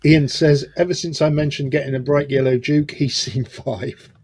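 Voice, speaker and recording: Husky guy with a mellow voice, laid back, reading chat comments and telling stories. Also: a little high, normal speed. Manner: relaxed storyteller, laughs along. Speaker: co-host of a model-building stream.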